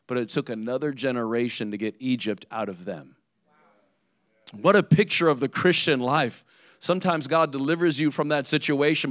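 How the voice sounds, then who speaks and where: A man's voice: mid-range voice, fairly bright tone, no echo, clean studio sound. A man preaching a sermon as pastor in a conversational way, often checking in with "right?".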